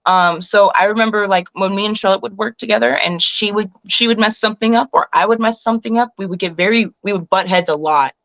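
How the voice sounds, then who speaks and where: A woman's voice: mid-range voice, fast talker, hardly any pauses, fairly bright tone, no room sound, lo-fi sound. A woman in her twenties, a pro wrestler, chatting bluntly in an interview and sounding tired. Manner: blunt, laughing, admits a temper. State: tired, yawning. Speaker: professional wrestler, guest. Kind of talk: casual interview chat.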